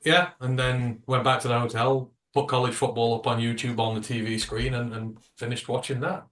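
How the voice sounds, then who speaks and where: A man's voice: mid-range voice, level tone, normal speed, fairly bright tone, distant mic. Teasing man, roomy and off-mic. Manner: teasing, banter-driven. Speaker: podcast co-host. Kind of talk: casual live-stream chat.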